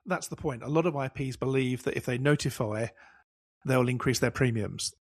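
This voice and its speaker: A man's voice: medium pitch, moderate pace, no echo. A man hosting a professional podcast discussion, telling anecdotes and driving points home with repetition. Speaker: podcast host.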